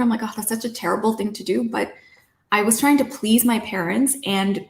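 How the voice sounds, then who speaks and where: A young woman from Canada, a guest telling her life story in a lively way, acting out herself and her parents as she goes. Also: medium pitch, fairly quick, roomy sound. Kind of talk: personal storytelling.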